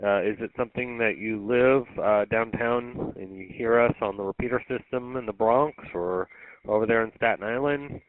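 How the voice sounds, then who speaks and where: A man acts as net control for a weekly two-way radio net, chatting on air in a folksy, rambling way with plenty of ums. His voice is lowish and moderately paced, with no echo, and the audio has a tinny two-way radio quality.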